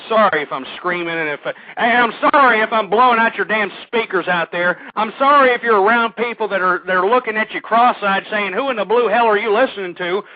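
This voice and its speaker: A male talk radio host ranting through a monologue, swinging between shouting and weary sighs. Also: high voice, brisk, hardly any pauses. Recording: dry tinny phone-line audio.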